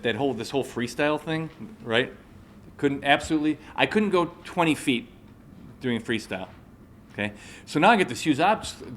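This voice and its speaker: This man, a motivational speaker in his forties, tells a personal story to a live crowd and often checks in with them. He has a mid-range, fairly bright voice, heard over slight background noise.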